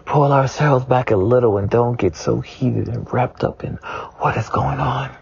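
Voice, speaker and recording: A man's voice: medium pitch, normal speed, gravelly, darkish tone, slightly rough. A spiritualist man in a raw, emotional monologue, tearful and repeating himself, swearing as he vents. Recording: dull lo-fi recording.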